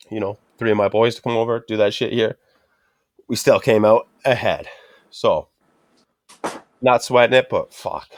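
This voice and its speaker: A man's voice: on the low side, dry recording, clean studio sound. A middle-aged man telling a frustrated story in casual chat, swearing constantly and ranting. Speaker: podcast host.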